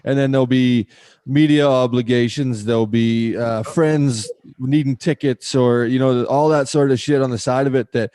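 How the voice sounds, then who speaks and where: A man's voice: mid-range voice, steady tone, moderate pace, warm tone, no room sound, studio quality. An American man co-hosting a podcast in a laid-back, profane, casual way. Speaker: podcast co-host.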